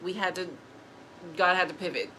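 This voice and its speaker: A woman talking casually and emotionally to camera, often pausing to address an unseen spirit, with quick restarts and repeated words. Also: fairly low pitch, pushed and bright, poor audio. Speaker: spiritual vlogger. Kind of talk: casual personal talk to camera. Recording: noticeable background noise.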